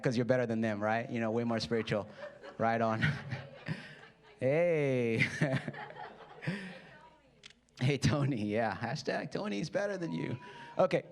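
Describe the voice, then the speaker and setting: A man in his thirties preaching a sermon in church, joking with the congregation and acting out the people in his stories. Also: medium pitch. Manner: playful, jokey preaching with acted-out quotes. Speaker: pastor. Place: church hall.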